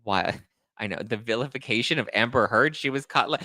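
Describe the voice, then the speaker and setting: A man with a bright, forceful voice rants about celebrity gossip like the host of a commentary show. He reads aloud, breaks off into sarcastic, exasperated outbursts and keeps getting more worked up. The sound is dry and close, with no room around it. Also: medium pitch, a little fast, no echo.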